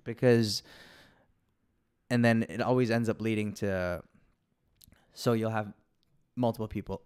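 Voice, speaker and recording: A man's voice: fairly low pitch, unhurried, long pauses, a little mellow, clean tone. A man, a guest actor on a podcast, chatting casually, laughing often and using lots of fillers. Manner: laid-back, laughs often, many fillers.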